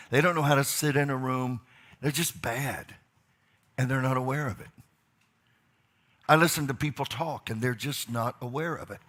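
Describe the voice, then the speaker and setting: A man's voice: mid-range voice, a bit bright. A man hosting a church leadership night, rallying the crowd with jokes and enthusiastic preaching. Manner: enthusiastic, joking, rallies the crowd. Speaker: pastor and leadership event host. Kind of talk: energetic sermon and hype.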